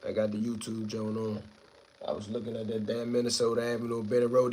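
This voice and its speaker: A man's voice: fairly low pitch, monotone, fairly quick, a little mellow. A man hosting a casual live stream, reading viewer comments aloud and answering them in a laid-back way.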